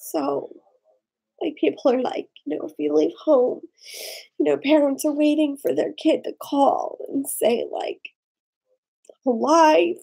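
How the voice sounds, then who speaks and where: A woman vlogger telling a personal story in a rambling, halting way, tipsy and tearful. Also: sits high, creaky, warm tone, low-quality recording. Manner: rambling, halting, with frequent fillers and swearing. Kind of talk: casual confessional storytelling.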